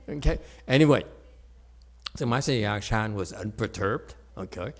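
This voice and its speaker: At normal speed and with lively intonation, a man with a mid-range, fairly bright voice gives a Buddhist dharma talk as a Chan meditation teacher. The live audience in the meditation center hall hears him joke playfully and check in with them often.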